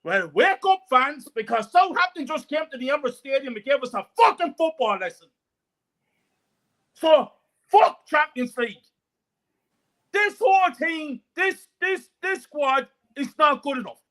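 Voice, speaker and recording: A man's voice: very high voice, expressive, a little slow, a bit bright. A man joining a fan panel by call, ranting emphatically and bitterly about his team, repeating his points. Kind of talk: heated fan rant on a call.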